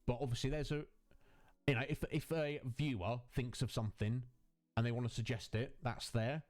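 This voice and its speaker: A man's voice: medium pitch, fairly even intonation, normal speed, darkish tone. A man hosting a casual live stream on a headset mic, answering his viewers' chat in a chatty, rambling way. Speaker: Twitch streamer and host.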